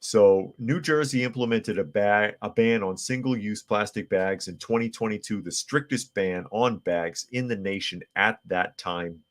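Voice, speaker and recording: A man's voice: fairly low pitch, unhurried, hardly any pauses. A man hosting a live podcast, reading viewer comments and news articles aloud with blunt opinions and frequent restarts. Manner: frequent restarts and filler words. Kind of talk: casual live-stream commentary.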